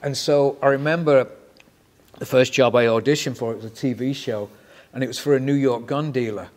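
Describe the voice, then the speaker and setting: A man's voice: mid-range voice, a little fast. A man from Manchester with a mid-Atlantic accent, a musician and actor telling stories in a casual interview, swearing freely. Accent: mid-Atlantic, Mancunian mixed with American. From Manchester, England. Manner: swears freely, animated anecdotes, trailing off softly.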